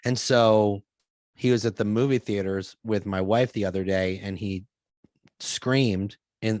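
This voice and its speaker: Middle-aged guy chatting on a podcast, animated, acts out quotes, dry close sound. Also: lowish voice, no echo. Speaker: podcast host being interviewed. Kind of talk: casual conversation.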